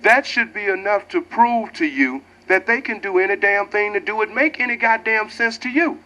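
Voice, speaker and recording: Radio host, man, angry profane monologue, high forceful voice, lectures the audience. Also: normal speed, highs cut off. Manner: furious, profane, preaching to listeners.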